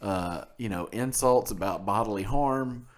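A man's voice: on the low side, a little slow. A man co-hosting a podcast, telling a funny story from his past in a casual chat and laughing often as he goes. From South Mississippi. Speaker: podcast co-host.

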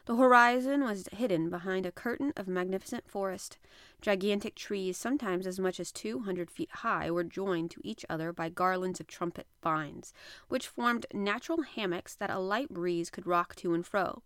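A woman reading an adventure novel aloud as an audiobook narrator, in a measured, even manner. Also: mid-range voice, clear, resonant tone, dry recording, clean studio sound. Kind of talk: scripted narration.

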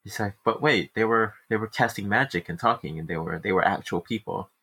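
A man co-hosting a casual book-club podcast, animatedly retelling chapters with quick restarts. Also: lowish voice, pushed and bright, husky. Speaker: podcast co-host.

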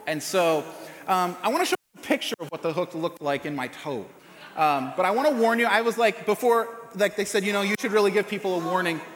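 Rambling preacher in an echoey hall. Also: male voice, high-pitched, lively intonation, a little fast, a bit bright. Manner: casual, rambling storytelling with many fillers and restarts. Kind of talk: sermon with a personal story. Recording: echoey hall with long reverb.

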